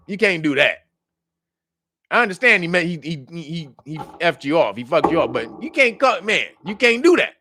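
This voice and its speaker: Casual commentary host, man, lively storyteller, slightly high, dry mic. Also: no echo. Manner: animated storytelling, acts out quotes in high mocking voices, laughs often.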